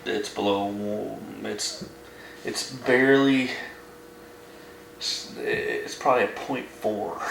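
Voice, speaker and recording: A man's voice: mid-range voice, very animated, very slow, vocal fry, long pauses, fairly bright tone, a little hiss or hum. A man co-hosting a casual movie review chat, laid-back, with short agreeing replies. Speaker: podcast co-host. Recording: roomy, distant mic.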